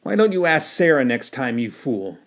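A man voicing a hot-tempered, wild-eyed male soldier who shouts in a raised, strained voice. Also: mid-range voice, big pitch swings, normal speed. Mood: furious. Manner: shouting, hopping mad.

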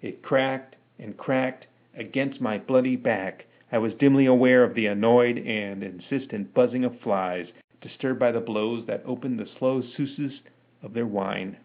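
A man reading his own novel aloud as a podcast narrator, in a measured, unhurried way. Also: medium pitch. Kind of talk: audiobook narration. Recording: tinny phone-like sound.

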